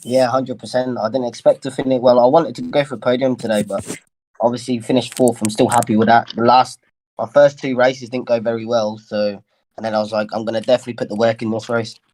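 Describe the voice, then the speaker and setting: A man, a sim racing driver, talking briskly and contentedly about his finish. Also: mid-range voice, fairly even intonation, a little mellow, rough recording. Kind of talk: post-race interview.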